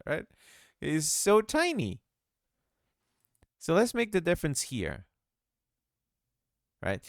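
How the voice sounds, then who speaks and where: A man's voice: fairly high pitch, wildly swooping pitch, slow, long pauses, no room sound, studio quality. A man hosting a casual screen-recorded game-making tutorial, thinking aloud and poking fun at himself as he works. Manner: self-mocking, thinks aloud, laughs at himself. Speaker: game dev tutorial host.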